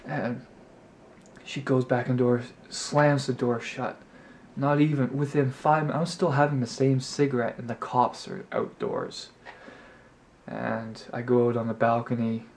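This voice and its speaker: Gravelly and darkish, this young man's voice has lively intonation and an unhurried pace. He's a vlogger in his apartment at night, rambling through an exasperated, chatty story for his camera mic and mimicking others in a high voice. A little hiss or hum is audible.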